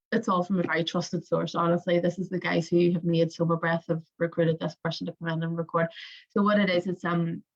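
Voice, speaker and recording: Chatty woman coaching breathwork. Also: lowish voice. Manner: chatty, rambling, lots of fillers and restarts. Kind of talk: casual spoken instruction. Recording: muffled lo-fi audio.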